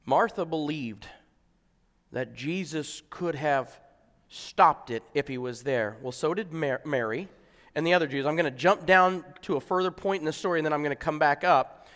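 A pastor preaching a conversational sermon that builds to fervent, emphatic exclamations. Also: male voice, on the high side, moderate pace, fairly bright tone, in a large hall.

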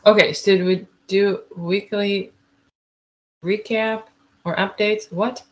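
A woman's voice: mid-range voice, steady tone, takes it slowly, muffled recording. A woman co-hosting a casual podcast chat who teases her friend playfully. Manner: playful, teasing. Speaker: podcast co-host.

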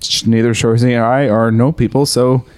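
A young man hosts a loose podcast with his friends, teasing them and swearing freely. His voice sits at a middling pitch and his talk is rough and informal. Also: little pitch movement, normal speed, darkish tone, no echo. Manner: crude, teasing, swears a lot. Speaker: podcast host. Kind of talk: casual chat.

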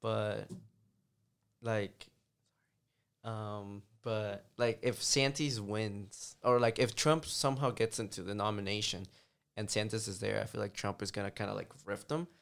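A man talking politics in a casual, rambling chat, often halting and restarting mid-sentence. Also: on the low side, steady tone, gravelly, fairly bright tone, smooth.

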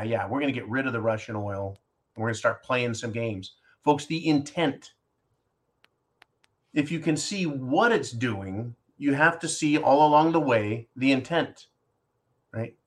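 A man hosting a talk show, reading a listener's question and then ranting at length in a sarcastic, animated way, often calling his listeners "folks". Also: fairly high pitch. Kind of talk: casual opinion talk show.

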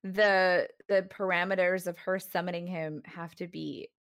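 A woman's voice: lowish voice, steady tone, a little slow. A woman co-hosting a podcast, chatting casually about a book, sarcastic and laughing often as she mimics the characters. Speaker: podcast co-host. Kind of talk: casual book-club chat.

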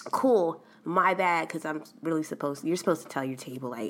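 A young adult woman hosting a podcast, telling a story in a chatty, animated way and laughing often. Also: sits low, moderate pace. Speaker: podcast host. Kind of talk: casual storytelling monologue.

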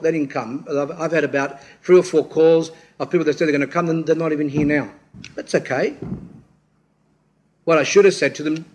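A man's voice: fairly high pitch, fairly even intonation, a little fast, a little mellow, husky. Rambling man giving a sermon. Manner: rambling storyteller, acts out quotes, frequent restarts. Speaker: speaker at a church talk. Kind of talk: informal sermon.

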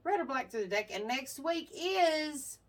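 A woman's voice: high-pitched, animated, measured pace, far from the mic. A woman hosting her own podcast, chatting casually with crude jokes and frequent laughter. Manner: crude, joking, laughs often. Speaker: podcast host. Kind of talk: casual chat. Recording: voice from away from the mic.

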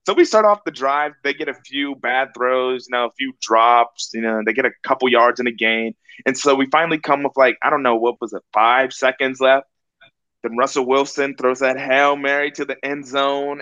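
Young man, co-host, lively storyteller, playful, dry dull recording. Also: mid-range voice, moderate pace, no echo. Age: young adult. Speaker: podcast co-host. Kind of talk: casual sports chat and storytelling.

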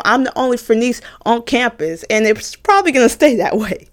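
A woman's voice: on the high side, brisk, hardly any pauses. A woman in her twenties, a college student telling a heated storytime, swearing and ranting with mocking asides. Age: 20s. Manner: animated, profane, heated, mocking voices of others.

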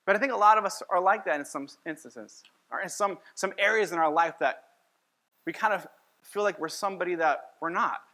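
A man's voice: sits high, a little fast, pushed and bright. A man preaching as a pastor, telling a personal story in a conversational sermon and acting out his own lines.

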